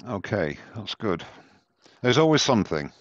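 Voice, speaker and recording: Chatty man, very deep voice. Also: very animated, normal speed, no room sound. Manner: chatty, self-mocking, rambling. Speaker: host of a live woodturning demo. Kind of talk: casual live-stream chat. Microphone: headset. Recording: dull, dry headset sound.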